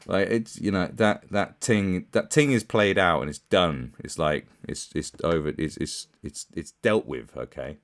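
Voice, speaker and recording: A man's voice: deep voice, lively intonation, normal speed, few pauses. A man giving casual commentary, rambling and scornful, with many fillers and restarts. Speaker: commentary YouTuber.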